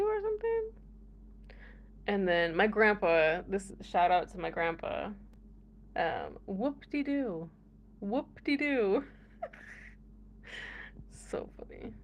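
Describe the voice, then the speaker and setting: Young American woman, relaxed vlogger, slow easy delivery, giggles between lines. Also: mid-range voice, gravelly, muffled recording. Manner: laughs often, chatty and playful. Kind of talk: casual chat to camera.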